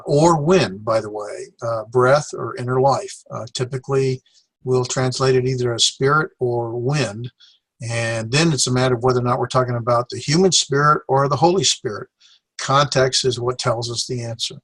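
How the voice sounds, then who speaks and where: A man teaching a Greek class, sounding out syllables with many pauses and fillers. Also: mid-range voice, fairly bright tone, no room sound. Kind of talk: recorded classroom lecture.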